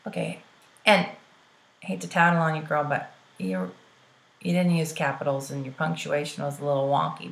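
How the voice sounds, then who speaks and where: Speaking to the camera as a direct sales trainer, a woman with a lowish, creaky, fairly bright voice gives chatty, peppy sales coaching. She often checks in with "right?" and calls her listeners "girl," and the recording has a roomy echo.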